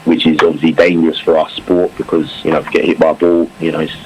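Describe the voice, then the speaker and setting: A former English cricketer chatting in an interview, reflective, with many fillers and restarts. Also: male voice, very deep voice, little pitch movement, fast, poor audio. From England. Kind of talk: casual interview talk. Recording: faint background noise.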